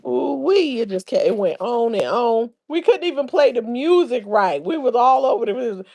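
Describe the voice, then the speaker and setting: A woman hosts a casual livestream from home. Her voice sits a little high for a woman. She chats loosely, often breaking into laughter as she reads out comments, and sometimes drifts away from the mic. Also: lively intonation, moderate pace, gravelly, darkish tone. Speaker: livestream host. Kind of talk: casual live-stream chat.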